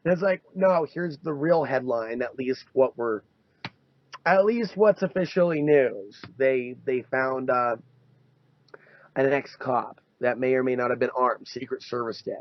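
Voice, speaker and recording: Speaking at a measured pace in a mid-range voice, this man co-hosts a podcast, chatting with animation and putting on mocking voices when quoting others. The lo-fi recording sounds dull and dry, with no echo.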